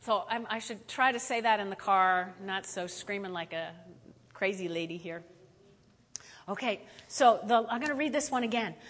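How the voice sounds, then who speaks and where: Woman pastor, middle-aged, chatty animated preaching, bright voice, echoing church hall. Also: medium pitch, moderate pace. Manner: animated, chatty, rises to loud exclamations. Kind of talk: sermon.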